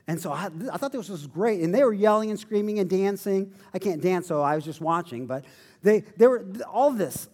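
A male pastor preaching a sermon, telling a story with animated, self-deprecating humor. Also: high-pitched.

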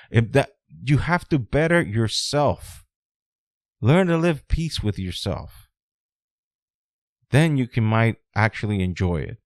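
A man hosting a solo podcast, ranting bluntly with heavy swearing, dropping low and quiet, then rising loud and high. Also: animated, takes it slowly, long pauses, dry recording. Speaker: podcast host.

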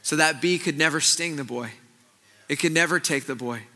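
A man preaches a sermon in a high, very bright, cutting voice. He is earnest and often drops into hushed, intense passages. A long reverb trails each phrase through the hall. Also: normal speed. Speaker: pastor.

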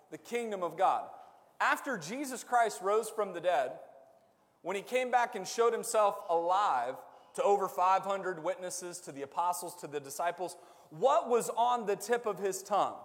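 High pitched guy preaching, call and response with the church, big echoey hall. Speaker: pastor. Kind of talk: sermon. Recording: long hall reverb.

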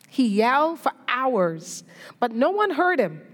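A woman's voice: sits high, very animated, measured pace, a bit bright. A woman preacher giving a sermon, telling a story and encouraging her listeners in an earnest way. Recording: echoey hall reverb.

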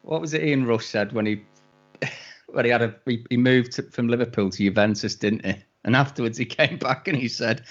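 A man co-hosting a casual podcast chat, chatty, adding quick asides and laughing easily. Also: medium pitch, lo-fi sound. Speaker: podcast co-host.

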